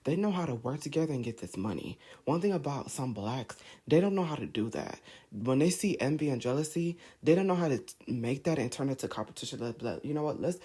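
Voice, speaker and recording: A man's voice: mid-range voice, animated, brisk, warm tone, slightly rough. A man vlogging, firing off heated rhetorical questions in a rant to camera. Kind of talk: ranting to camera.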